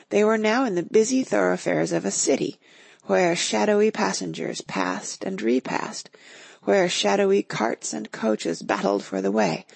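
A woman narrating an audiobook in an expressive storytelling manner. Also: mid-range voice, gravelly, dry recording. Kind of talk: scripted narration.

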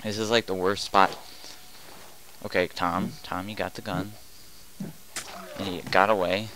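Casual young guy playing a game, slow talker, muttering then shouting no no no at the screen. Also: low-pitched, flat delivery, a little hiss or hum, low-quality recording. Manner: jumps between quiet muttering and loud panicked yelling. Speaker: gaming commentator. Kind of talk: excited gameplay commentary.

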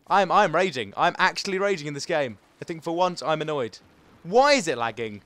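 A man's voice: a little high, big pitch swings, fairly quick, a bit bright, no room sound. A man giving live gameplay commentary as a gaming video host, swinging between frustrated outbursts and muttered asides.

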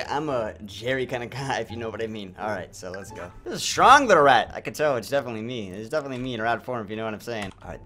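A young man giving comedic, joking commentary over a video game, often breaking into loud sworn outbursts. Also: mid-range voice. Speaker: gaming YouTuber.

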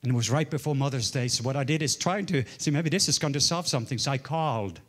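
A man in his forties from Norway, preaching a sermon as a story, swinging from loud exclaims to hushed murmurs. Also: medium pitch, fast. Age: 40s. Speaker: guest preacher.

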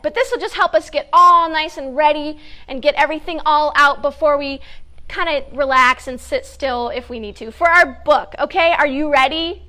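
A high-pitched woman leads a children's story time with bouncy, encouraging energy. She laughs easily and cheers the kids along while sitting on the floor, her voice caught close on a clip-on mic. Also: pushed and bright. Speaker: family educator hosting children's story time. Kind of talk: upbeat instructions for young children. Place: sitting on a hard floor indoors. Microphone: clip-on mic with wires.

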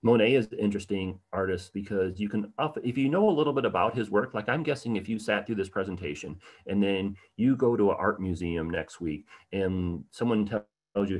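A man with a lowish voice talks fairly quickly while presenting an art history livestream as a slideshow lecture. His delivery is conversational and full of ums and uhs, and he answers questions from the chat.

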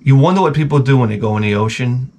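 A man hosting a comedy podcast, telling crude stories in a rambling, profane, deadpan way. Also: medium pitch, fast talker. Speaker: podcast host.

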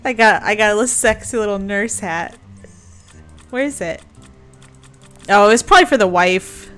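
A woman's voice: medium pitch, moderate pace, fairly bright tone, smooth, soft background music. A woman chatting casually while gaming, giggly and self-deprecating. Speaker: gamer. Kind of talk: casual gameplay banter.

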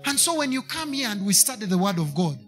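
Kenyan man, sermon, high voice, bright tone, emphatic repetition, faint music behind. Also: sing-song, fast talker. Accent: Kenyan English. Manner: preaching to a congregation, switching into Swahili, emphatic repetition. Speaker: preacher.

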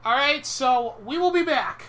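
High, bright jumpy woman gamer. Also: animated, measured pace. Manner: jumpy, yelps and swears when startled. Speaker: player. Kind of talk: let's play commentary.

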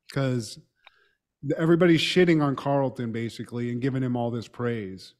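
A man's voice: mid-range voice, moderate pace. A man co-hosting a podcast, casually retelling a TV episode and slipping into the characters' lines, with some mild swearing. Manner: relaxed storytelling, quoting characters, mild swearing. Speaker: podcast co-host. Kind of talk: casual chat recapping a TV episode.

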